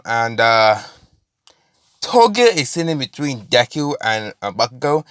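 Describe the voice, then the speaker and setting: Man, casual rambling storyteller, lots of fillers, bright voice. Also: medium pitch, expressive, moderate pace, pauses often, no echo, clean studio sound. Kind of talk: casual retelling of a fan story.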